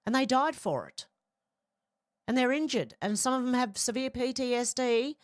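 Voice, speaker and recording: A woman's voice: fairly high pitch, lively intonation, normal speed, no room sound, clean studio sound. A woman hosting casual political opinion commentary, blunt and outspoken, reading posts aloud and reacting to them.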